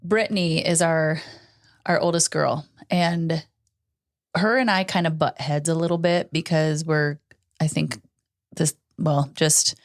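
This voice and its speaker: A woman's voice: deep voice, fairly even intonation, measured pace. A middle-aged woman co-hosting a podcast, telling a personal story earnestly in casual chat. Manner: earnest storytelling, acts out quoted dialogue. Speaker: podcast co-host.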